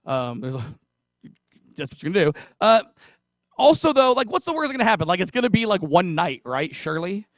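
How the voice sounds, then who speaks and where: A man's voice: sits high, big pitch swings, brisk, dry recording. Chatty joking preacher man, dry sound. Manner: chatty and joking, asides to the congregation. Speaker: pastor. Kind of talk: casual sermon retelling a parable.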